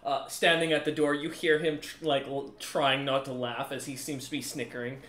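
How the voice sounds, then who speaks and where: Hesitant game master, echoey room. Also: male voice, mid-range voice, little pitch movement, normal speed, a bit bright. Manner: loose, hesitant narration. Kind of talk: narrating a tabletop game.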